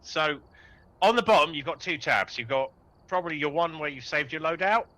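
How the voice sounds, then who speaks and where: A man with a somewhat high, bright and forceful voice chats through a game session. He explains things step by step and laughs easily. He is heard over a voice-chat gaming mic. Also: normal speed. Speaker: co-player.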